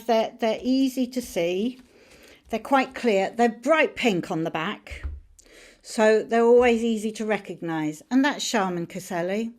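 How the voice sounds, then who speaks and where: A woman's voice: a little high, darkish tone. A woman teaching tarot in a friendly, chatty way, explaining each card as she shows it. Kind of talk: informal teaching on camera.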